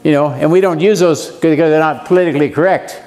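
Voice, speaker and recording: A man's voice: on the high side, quick pace, darkish tone. A man, giving a folksy Bible lesson and joking with the audience. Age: 70s. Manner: joking, asks the audience questions. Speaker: seminar speaker.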